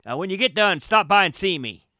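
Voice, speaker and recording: A man's voice: sits high, lively intonation, fairly quick, sharp tone, no echo, clean studio sound, pitched above the performer's own voice. A man voicing an eager, overly friendly middle-aged man with a Boston accent in a tabletop game. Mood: fawning.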